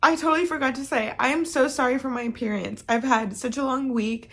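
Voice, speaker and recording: A woman's voice: high voice, fairly even intonation, brisk. A woman talking casually in a reading vlog, chatty and emotional with dramatic reactions. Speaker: book vlogger.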